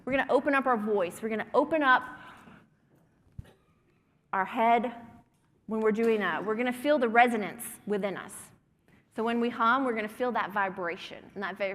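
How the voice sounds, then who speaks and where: Woman coaching a room through humming drills, encouraging, kinda high voice, lots of hall echo. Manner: encouraging, leads group exercises. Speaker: workshop presenter. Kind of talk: guided breathing and humming workshop. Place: conference breakout room. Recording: long hall reverb.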